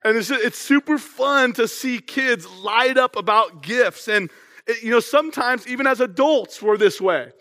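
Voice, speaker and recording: A young male pastor with a high voice gives a casual, chatty sermon and keeps drawing the congregation in. His words trail off into a long reverb across the church hall. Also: expressive, measured pace, bright, forceful tone.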